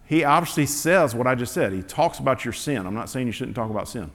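A man's voice: medium pitch, animated, a little fast. A man giving a conversational sermon, asking rhetorical questions, with plenty of fillers and restarts. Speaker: pastor. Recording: long hall reverb.

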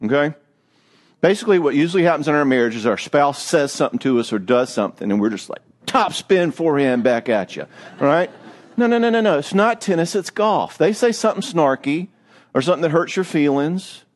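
Middle-aged male speaker, marriage seminar, pitch jumps all over, a bit higher than most men, jokey and self-mocking. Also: fast talker. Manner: animated, joking, self-deprecating storyteller. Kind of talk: church marriage seminar talk.

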